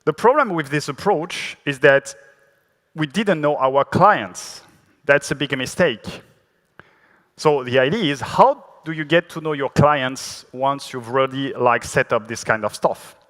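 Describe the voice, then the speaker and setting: A man's voice: medium pitch, unhurried, fairly bright tone. A man with a French accent gives a technical conference talk, and his voice sits in a mid range. He keeps it chatty and self-deprecating, with lots of fillers and restarts. The sound carries a long reverb from a large hall. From France. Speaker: conference speaker.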